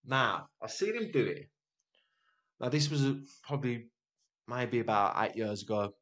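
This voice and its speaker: A man's voice: mid-range voice, normal speed, fairly bright tone. A young man co-hosting a podcast, telling a sweary story in casual chat and speeding up when he gets worked up. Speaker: podcast co-host.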